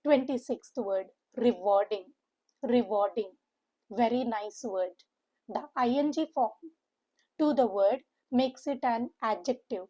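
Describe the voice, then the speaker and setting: A woman teaching vocabulary, spelling out sounds slowly and repeating words for emphasis. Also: a little high, mellow, poor audio. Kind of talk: online vocabulary lesson.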